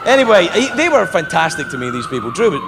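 Brash, gravelly stand-up comic. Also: male voice, fairly high pitch, very animated, fast talker. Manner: brash, profane, shouting punchlines. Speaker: stand-up comedian. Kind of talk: stand-up storytelling. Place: stage in a large venue. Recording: live in a reverberant hall with noisy crowd.

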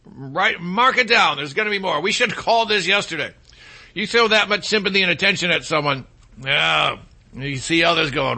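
High, sharp-voiced sarcastic talk host. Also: male voice, normal speed, creaky, slightly rough. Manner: sarcastic, mocks people in put-on quoted voices. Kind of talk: opinionated talk radio monologue.

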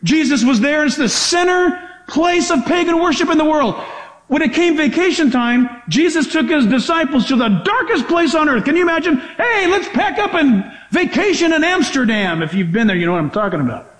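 A man preaching a sermon to a congregation, animated, with rhetorical questions and mock voices. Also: very high-pitched, a little fast, echoey room. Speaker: pastor.

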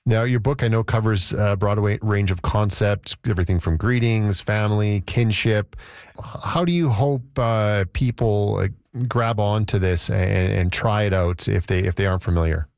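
Interviewer guy, low gravelly voice, smooth tho, stumbles a bit asking stuff. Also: normal speed, no room sound, clean studio sound. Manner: hesitant questions with restarts.

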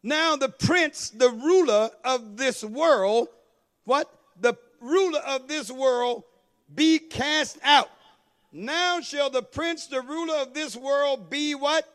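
A man with a strikingly high voice preaches a sermon. He calls out to the congregation and swells into shouted, sing-song phrases as he builds. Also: slow pace. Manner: call-and-response preaching, rising into shouted, half-sung cadences. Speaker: pastor.

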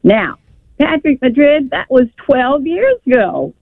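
A woman's voice: sits high, sing-song, takes it slowly, creaky, dry recording. An older woman calling a radio show, telling a family story in an emotional, rambling way. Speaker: caller. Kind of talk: call-in radio conversation. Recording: tinny phone line.

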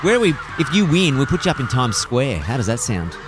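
A man with an Australian accent hosting a radio call-in show, upbeat and joking with callers in quick back-and-forth. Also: medium pitch, very animated, over music. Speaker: radio host. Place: radio studio. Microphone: studio mic.

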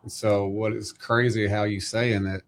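A man's voice: fairly low pitch, flat delivery, normal speed, a little hiss or hum. A middle-aged man hosting a faith-centered conversation, talking in an earnest, preacherly way. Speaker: podcast host.

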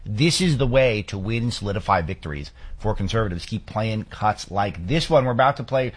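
A man's voice: on the low side, animated, fairly quick, breathy edge. A man hosting a political talk radio show, talking in sarcastic, rambling asides from a studio booth.

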